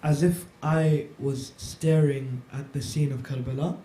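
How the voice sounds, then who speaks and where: A man giving a short introduction and then reciting a mourning poem in a melodic, drawn-out way. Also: medium pitch, steady tone, dark tone. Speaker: poetry reciter.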